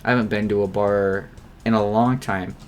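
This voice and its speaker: Young guy, lowish voice, casual gaming chat, swears a lot, faint room hum behind. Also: fairly even intonation, normal speed. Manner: swears often, reads journal passages in a hushed voice. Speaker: game player. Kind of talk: casual let's-play chat with reading aloud.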